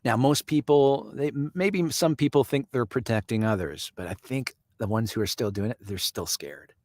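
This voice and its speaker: A man's voice: medium pitch, moderate pace, a little mellow, dry recording. A man from Canada hosting a casual live stream. He reads viewer comments aloud, answers people by name and chuckles often.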